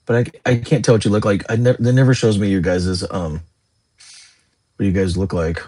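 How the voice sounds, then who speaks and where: A man's voice: lowish voice, little pitch movement, normal speed, mellow. A young man hosting a casual livestream, chatting and answering viewer comments in a rambling way. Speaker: livestream host. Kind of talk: casual live chat reading comments.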